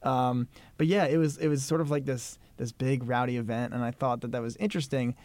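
A man's voice: mid-range voice, steady tone, a little fast, a little mellow, no echo. A man co-hosting a podcast in casual chat, conversational with many fillers and asides. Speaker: podcast co-host.

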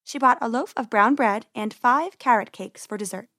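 A woman reads a children's story aloud with lively, expressive phrasing. Her voice sits somewhat high. The recording is close and dry. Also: normal speed, no echo.

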